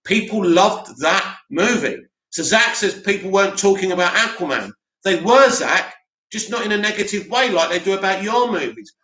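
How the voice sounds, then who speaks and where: A man's voice: high voice, expressive, moderate pace, pushed and bright. Blunt, opinionated man in an echoey room. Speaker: live stream host. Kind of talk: live stream commentary answering chat.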